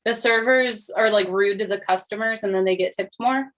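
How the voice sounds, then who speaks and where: A woman's voice: medium pitch, normal speed, fairly bright tone. A woman co-hosting a livestream, chatting casually and easygoing. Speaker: co-host. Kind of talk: casual chat.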